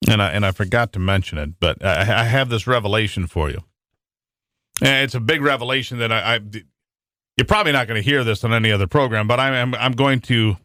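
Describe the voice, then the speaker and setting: An American man on talk radio rambles in a monologue marked by frequent restarts and fillers. He has a mid-range, fairly bright voice, and the studio recording is clean and dry.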